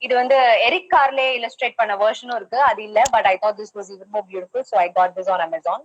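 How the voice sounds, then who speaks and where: A woman with a voice, reading a picture book aloud as a storyteller, chatty and dwelling slowly on words. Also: medium pitch, lo-fi sound.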